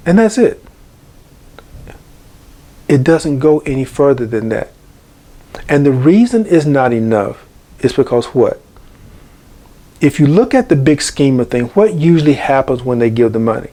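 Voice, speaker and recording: A middle-aged channel host delivers a preachy monologue to camera, circling back again and again to the same key phrases. His medium-pitched voice is warm with lively intonation, and he speaks at a measured pace broken by long pauses.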